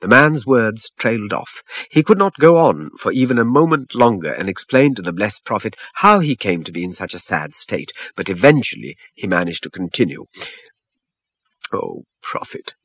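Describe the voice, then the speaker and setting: A man narrating a religious story in a solemn, expressive storytelling manner. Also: lowish voice, moderate pace, hardly any pauses, dry recording.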